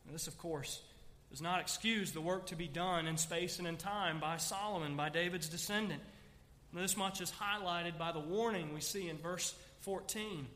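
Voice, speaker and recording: A man's voice: high-pitched, moderate pace, bright, forceful tone, long reverb tail. A man preaching a sermon as pastor, reading scripture aloud with emphatic, rising recitations. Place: church sanctuary.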